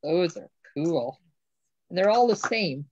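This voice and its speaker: Woman craft-stream host, lower voice, exclaims a lot, dry lo-fi audio. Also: expressive, slow pace, a little mellow, dry recording. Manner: gushing, exclaims over each item. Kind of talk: casual live unboxing chat.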